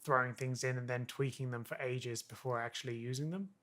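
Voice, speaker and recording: A man's voice: medium pitch, steady tone, brisk, fairly bright tone. A man chatting casually with a colleague in a studio, rambling with many fillers. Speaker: co-host and fellow composer. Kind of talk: casual working chat. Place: music studio. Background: music playback.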